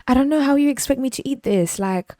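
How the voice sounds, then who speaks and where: A woman's voice: high voice, fairly quick, mellow, dry recording, studio quality, voice pushed up, lightly acted. A woman voicing a fussy, complaining mother customer who whines with prim, dramatic indignation. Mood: appalled. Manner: whiny, dramatic, pearl-clutching.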